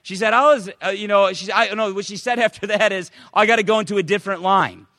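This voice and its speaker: A man preaching a sermon as pastor, emphatic, swinging from loud preaching to quiet asides. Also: sits high, steady tone, fast, no echo, clean studio sound, long reverb tail.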